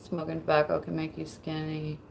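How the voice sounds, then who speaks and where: Gravelly, laid-back woman streamer. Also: sits low, monotone, moderate pace, darkish tone, a little hiss or hum, rough recording. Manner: laid-back, swears freely, laughs often. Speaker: livestreamer reading chat. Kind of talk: casual livestream chat.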